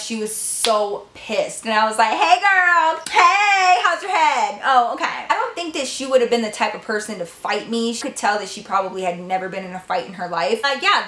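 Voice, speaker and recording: A woman's voice: a little high, fairly bright tone, echoey room. A young woman vlogger telling a dramatic story in casual chat, full of filler words and swearing.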